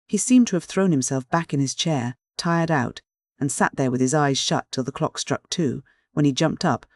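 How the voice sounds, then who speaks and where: A man reading a classic novel aloud as an audiobook narrator, in even, clear first-person storytelling. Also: on the high side, dry recording, studio quality.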